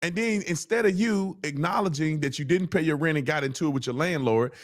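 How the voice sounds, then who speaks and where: A man hosting a show, giving casual commentary in a mocking, scornful way. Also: medium pitch. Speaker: host.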